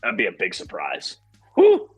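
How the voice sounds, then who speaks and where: A man in his thirties from Pittsburgh, co-hosting a sports podcast in animated, profane casual chat. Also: on the low side, unhurried, breathy edge, soft background music. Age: 30s. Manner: animated, profane, laughs a lot. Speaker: podcast co-host.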